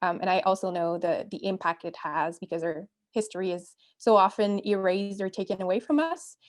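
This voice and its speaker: A young adult woman from Quebec introducing herself on a video call panel, earnest and halting, with frequent fillers. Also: medium pitch.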